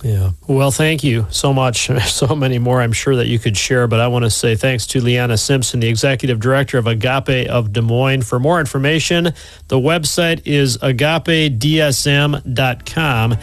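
Calm male radio host. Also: mid-range voice, normal speed, no echo. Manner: calm, brief affirmations. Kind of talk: radio interview hosting. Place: radio studio.

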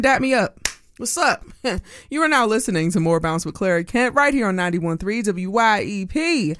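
A woman's voice: medium pitch, no room sound. A woman from Pennsylvania hosting a radio music show, talking in a bubbly, rambling way with frequent laughs, in a studio. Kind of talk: casual radio show chat.

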